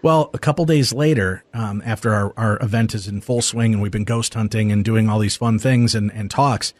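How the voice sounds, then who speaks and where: A man hosting a radio talk show, telling a story in a lively casual way and acting out the people he quotes. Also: fairly low pitch, moderate pace, dry recording. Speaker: radio host. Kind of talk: casual radio interview chat.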